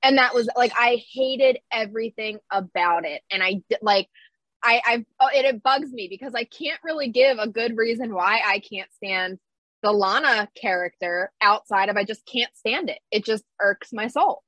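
A woman's voice: on the high side, normal speed, fairly bright tone, no room sound, rough recording. A woman co-hosting a casual podcast chat, blunt and ranting, laughing often. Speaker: podcast co-host.

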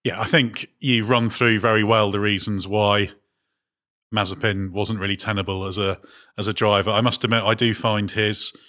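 A man hosting a podcast, discussing motorsport in a measured, hedging way with wry chuckles. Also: fairly low pitch, little pitch movement, bright, forceful tone. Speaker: podcast host. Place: on location.

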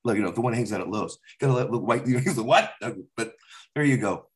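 Talking fast at medium pitch, a middle-aged man who is a comedian guest swaps casual stories about his family. He's an animated storyteller who performs his dad's lines, his pitch leaping around as he voices the other characters.

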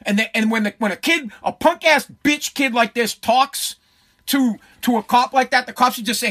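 A man's voice: sits high, expressive, fairly quick, sharp tone, slightly rough. A man in his forties giving a blunt, profane, heated commentary. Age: 40s. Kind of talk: ranting commentary.

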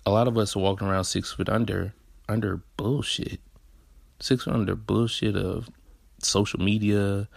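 A man's voice: steady tone, normal speed, no room sound, studio quality. A man in his twenties with a Southern US accent hosting a podcast, talking in a laid-back, candid way full of slang and swearing. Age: 20s. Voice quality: deep gravelly husky voice. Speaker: podcast host. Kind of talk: casual solo podcast monologue.

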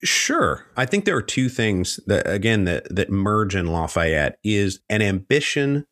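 Deep-voiced man telling history animatedly. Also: a little slow, no echo, studio quality. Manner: animated, acts out quoted historical figures in mock voices. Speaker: guest historian. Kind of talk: conversational storytelling interview.

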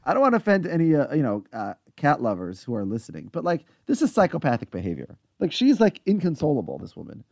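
A man chatting through a TV episode recap on a podcast, his voice bouncing up and down with animated energy. He sounds a touch higher than most men and is recorded close and dry, with no room around him. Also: fast, gravelly, few pauses, dry recording. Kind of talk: casual chat.

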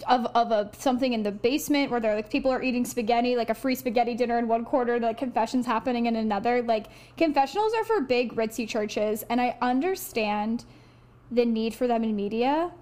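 A woman co-hosting a podcast, talking in a quick, animated way with many filler words. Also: on the high side. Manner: animated, lots of "like". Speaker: podcast co-host. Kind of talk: casual podcast chat.

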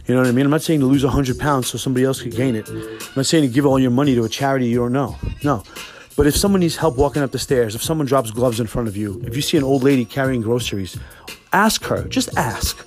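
A young man hosting his own podcast, rambling through a profane and animated monologue at an ordinary, mid-range pitch. He swears freely and stacks up tangents. Faint music plays underneath. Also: quick pace. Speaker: podcast host. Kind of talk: casual monologue.

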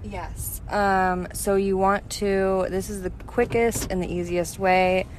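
A woman co-hosting a casual chat, calmly explaining a technique step by step with frequent ums. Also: mid-range voice, takes it slowly, slight background noise. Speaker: podcast co-host giving advice. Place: parked car.

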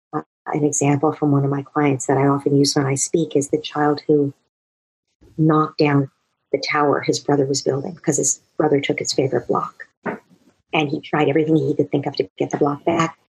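A woman with a low-pitched voice talks earnestly and at length about raising children. Her tone is very smooth and clean. She speaks as a parenting expert answering a question, slipping into parents' and children's voices to make her point. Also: a little mellow, low-quality recording. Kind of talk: explanatory talk answering a question.

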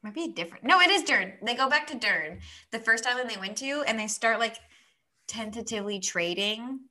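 A woman's voice: fairly high pitch, animated, brisk, pushed and bright. A woman co-hosting a podcast, retelling a book's plot in a rambling way with lots of fillers. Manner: rambling storytelling, many fillers. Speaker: podcast co-host. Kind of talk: casual book discussion.

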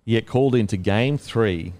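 An Australian man with a somewhat low voice hosting a relaxed chat. He asks his questions eagerly, swears casually, and keeps nodding along with quick agreement. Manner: enthusiastic, swears, frequent backchannel agreement. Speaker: podcast host.

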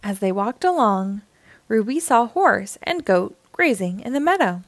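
A woman hosting a children's storytime, reading a picture book aloud in a slow, expressive and melodic way. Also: medium pitch, dry recording. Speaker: storytime host.

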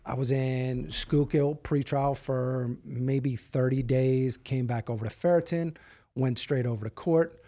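This middle-aged guest on a podcast narrates a story in a relaxed, lively way, performing the conversations as he goes. His voice is medium-pitched and his delivery unhurried.

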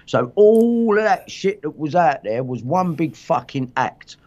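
A man's voice: on the high side, very animated, unhurried, a little mellow. A man hosting a livestream, telling his story in agitated, rambling casual chat full of swearing. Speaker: livestream host. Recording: dull lo-fi stream audio.

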